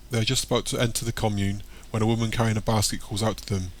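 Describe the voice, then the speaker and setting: A man narrating an audiobook in a plain, steady reading voice. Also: fairly low pitch, fast talker.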